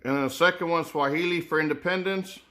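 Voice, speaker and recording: A man's voice: a little high, fast talker, pushed and bright. A man casually reviewing sneakers, thinking aloud with many repeated words and restarts. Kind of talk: casual unboxing commentary.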